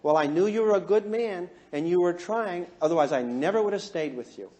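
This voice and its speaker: A man quoting his quiet, hurt wife in a lower, softer voice during a seminar story. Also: animated, fairly quick. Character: quiet, hurt wife, soft-spoken woman.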